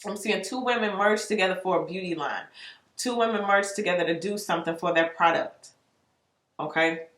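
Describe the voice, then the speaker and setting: A woman's voice: on the low side, normal speed, a bit bright. Chatty tarot-reading woman, echoey room. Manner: chatty, explains with acted-out examples. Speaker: tarot reader. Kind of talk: casual tarot reading monologue.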